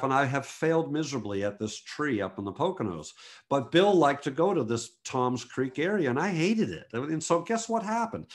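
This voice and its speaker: A man from the United States, a photographer giving a motivational talk to an online group, telling stories and acting out what people said with big jumps in pitch. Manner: animated storyteller, acts out quotes with big pitch jumps.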